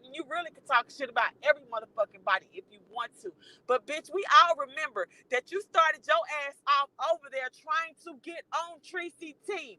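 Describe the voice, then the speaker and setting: A woman's voice: sits high, sharp tone, no echo, poor audio. A woman livestreaming from her car while she drives, ranting bluntly and with plenty of profanity as a commentator.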